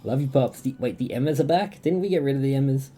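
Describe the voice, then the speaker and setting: A man's voice: mid-range voice, fast, mellow, husky. A young Australian man streaming a dating game, reading its lines aloud and chatting between them. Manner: reads game dialogue in a plain voice, breaks off to chat and laugh.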